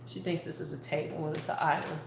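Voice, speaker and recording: A woman's voice: low-pitched, steady tone, quick pace, vocal fry, very noisy. A woman beauty vlogger in a casual live-stream chat, playful and talking straight to her viewers. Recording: roomy echo.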